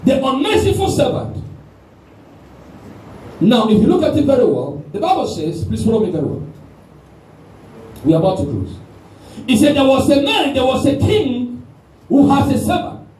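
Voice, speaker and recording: A man preaching a sermon with animated call-and-response, recorded in a church hall with the mic at a distance. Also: very high voice, moderate pace, long pauses. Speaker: pastor. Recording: echoey room, mic at a distance.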